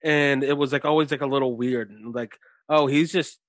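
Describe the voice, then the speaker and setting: A man co-hosting a casual wrestling podcast, retelling storylines with fillers and quick imitations. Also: mid-range voice. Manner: animated storyteller, mimics voices. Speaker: podcast co-host.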